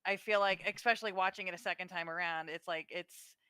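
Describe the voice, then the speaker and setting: A woman's voice: lowish voice, steady tone, quick pace, sharp tone, smooth, dry recording. A woman co-hosting a podcast, reflecting earnestly on a film she finds upsetting. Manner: earnest, reflective, emotionally invested. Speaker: podcast co-host. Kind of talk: casual movie discussion.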